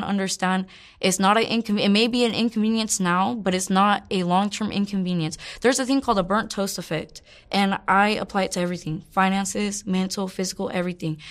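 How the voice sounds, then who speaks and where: A woman in her twenties frankly telling her life story in an interview, rambling with many fillers and curse words. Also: medium pitch. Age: 20s. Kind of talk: candid personal storytelling.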